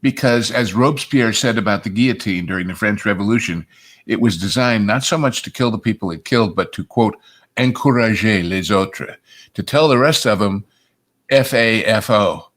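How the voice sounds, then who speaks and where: A man's voice: on the low side, fairly quick, a bit bright. A man co-hosting a casual news commentary show, speaking wryly and emphatically and quoting history. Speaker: co-host. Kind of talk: casual political commentary chat.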